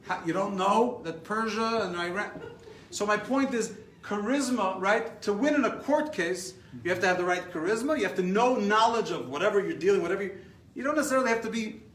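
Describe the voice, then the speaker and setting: A man with an American accent, a rabbi giving a lively class and taking questions, animated and repeating words as he gets going. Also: high voice. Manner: animated, repeats words when excited, laughs at his own stories. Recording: echoey room, mic at a distance, faint hiss.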